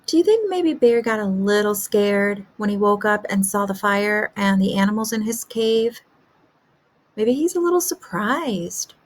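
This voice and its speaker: A woman kindergarten teacher asking young children gentle questions about a story in a remote lesson. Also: medium pitch, animated, measured pace.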